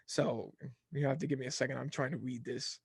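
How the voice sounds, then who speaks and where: A man's voice: medium pitch, steady tone, fairly quick, gravelly, darkish tone, husky, no echo, studio quality. A young man hosting a casual sports podcast, rattling off game results in a jokey, scattered way. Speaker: podcast host.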